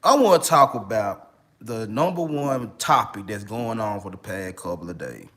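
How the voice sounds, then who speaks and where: A man's voice: fairly low pitch, lively intonation, normal speed, fairly bright tone. Man, Memphis accent, getting over a cold, slangy casual commentary, keeps saying "you know what I'm saying". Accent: Memphis, Tennessee. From Memphis, Tennessee. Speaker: online relationship coach.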